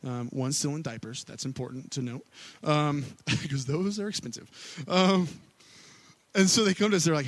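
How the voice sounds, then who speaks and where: Preaching a sermon at a moderate pace with no echo, this worship pastor from Missouri tells his story candidly. He builds to loud pleading, then drops his voice low.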